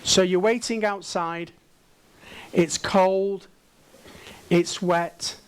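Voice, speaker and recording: A high-pitched man speaks slowly and deliberately from a conference stage. He keeps drawing the audience in with playful questions, unhurried and teasing. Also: steady tone, clean tone. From England. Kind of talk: interactive keynote talk.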